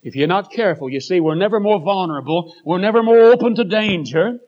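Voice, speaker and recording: High-voiced preacher telling dramatic stories. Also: male voice, lively intonation, brisk. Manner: dramatic storytelling, swings between loud and hushed. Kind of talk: sermon. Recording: dull lo-fi recording.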